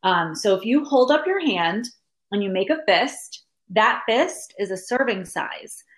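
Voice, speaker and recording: A woman's voice: mid-range voice, animated, a little slow, a bit bright. A woman in her thirties, a guest in a casual interview chat, talking in a chatty, explanatory way with many fillers.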